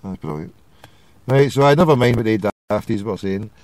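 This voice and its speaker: A man's voice: fairly low pitch, moderate pace, darkish tone, no echo. A man with a Glaswegian accent hosting a casual call-in show and teasing his callers. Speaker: host of a call-in internet radio show. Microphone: phone call.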